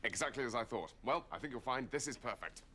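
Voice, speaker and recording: A man's voice: mid-range voice, animated, fast talker, close to an everyday voice. An actor playing an eager, ingratiating male tailor in a sketch comedy clip. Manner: ingratiating salesman patter. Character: smooth, eager male tailor selling a design. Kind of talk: British sketch comedy acting. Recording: noisy clip played on stream.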